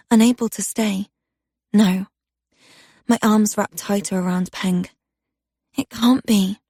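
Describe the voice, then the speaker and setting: A woman narrating a dark romance audiobook in the first person, telling it with intimate tension. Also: medium pitch, breathy edge, no echo, clean studio sound.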